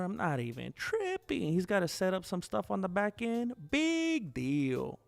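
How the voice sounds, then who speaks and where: Gravelly, lively-voiced livestream host. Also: male voice, high voice, unhurried, hardly any pauses, no room sound. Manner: rambling, self-deprecating, loose slang. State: sluggish. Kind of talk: casual livestream chat. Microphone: wearing headphones, no monitor.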